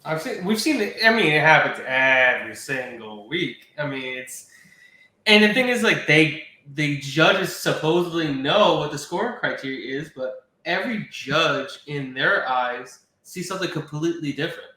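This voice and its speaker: Male podcast host, agreeable, crisp bright tone, echoey room sound. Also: fairly high pitch, expressive, moderate pace. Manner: agreeable, short backchannels. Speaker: interviewer. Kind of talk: casual interview chat.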